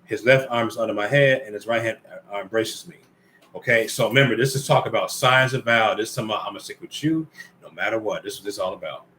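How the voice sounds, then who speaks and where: Low-voiced man teaching the Bible casually. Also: fast talker, sharp tone, slight background noise. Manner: conversational, reads scripture aloud then comments; addresses listeners directly as brothers and ladies.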